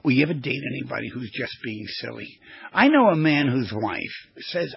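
A man hosting a radio talk show, telling stories in a rambling, animated way as a therapist. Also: mid-range voice, normal speed, gravelly, breathy edge, muffled recording. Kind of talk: casual radio talk with storytelling.

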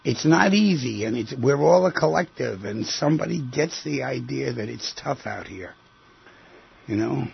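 A man's voice: mid-range voice, expressive, normal speed, vocal fry, breathy edge. A middle-aged man hosting a radio call-in show, counseling callers in a direct, coaxing, plain-spoken way. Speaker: radio call-in host and therapist. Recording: dry, muffled radio broadcast audio.

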